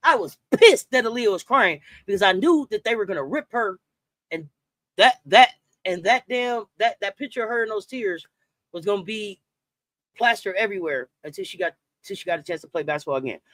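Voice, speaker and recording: Animated high-voiced man hosting sports chat. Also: brisk, no echo. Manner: animated, slangy, greets and reads live chat comments. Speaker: sports talk host. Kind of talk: casual livestream sports chat.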